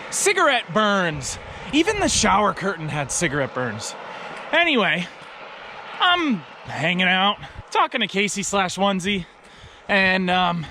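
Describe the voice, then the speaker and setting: Seorang pria bersuara tinggi dan cerah, bercerita santai dengan nada sarkastis dan intonasi yang sangat hidup. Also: male voice, sits high, background noise. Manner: sarcastic, animated retelling. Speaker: travel vlogger. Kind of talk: casual storytelling to camera.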